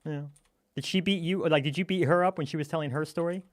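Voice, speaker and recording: A man in casual gaming chat, playful and teasing as he tells a silly story to his friends. His voice sits somewhat high. The recording is close and dry, with no room around it. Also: steady tone, quick pace, dry recording. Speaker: gamer telling a campfire story.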